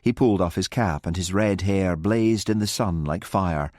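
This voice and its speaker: A man narrating a mystery audiobook in a measured, expressive storytelling manner. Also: low voice, no echo, studio quality. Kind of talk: scripted narration.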